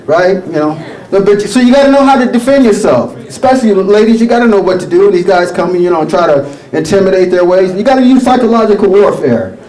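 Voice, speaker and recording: A man performing a stand-up comedy set, rambling and animated with lots of filler phrases. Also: high-pitched, echoey room, poor audio. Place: comedy stage.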